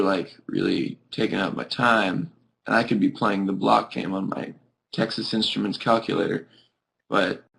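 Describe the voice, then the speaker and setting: A drowsy young man with a fairly low voice chats with viewers over a webcam, rambling loosely and filling his sentences with "like". He keeps yawning and sounds casual. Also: creaky, fairly bright tone, rough recording. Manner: rambling, peppered with "like". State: sleepy, yawning. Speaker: host of a live video chat. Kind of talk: casual chat answering viewers.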